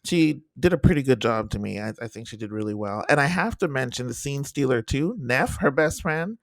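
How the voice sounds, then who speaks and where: A man co-hosting a podcast in casual chat, animated and repeating himself as he talks in bursts. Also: medium pitch, a little fast, no echo, studio quality. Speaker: podcast co-host.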